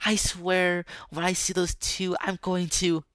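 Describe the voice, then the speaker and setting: A fretful, fiercely protective middle-aged mother, voiced by a man reading her lines aloud. The delivery is halting and stumbles now and then over the words. The sound is dry, with no room echo. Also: high voice, level tone, fairly bright tone, smooth, pitched above the performer's own voice.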